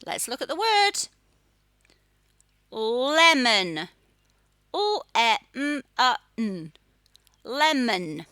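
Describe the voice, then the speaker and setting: A woman teaching a children's phonics lesson, sounding out letters in a slow, sing-song way. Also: a little high, sing-song, bright, forceful tone, dry recording. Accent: Australian.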